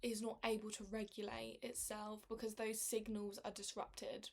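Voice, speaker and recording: A young woman speaking candidly about her own experience, halting and emotional, with frequent restarts. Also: medium pitch, completely flat delivery. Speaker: person sharing her experience of living with MS. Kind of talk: candid personal testimony.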